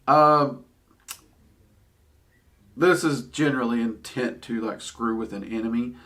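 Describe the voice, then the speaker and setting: A man's voice: medium pitch, unhurried, fairly bright tone. A man teaching about occult spirits in a casual, chatty way, with frequent ums and wry asides. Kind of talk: casual explanatory talk.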